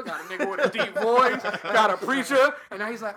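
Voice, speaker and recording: A young man hosting a podcast, chatting excitedly and swearing often. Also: high-pitched, fairly quick, crowd noise. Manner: excitable, profane, acts out quotes. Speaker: podcast host. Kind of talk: casual chat.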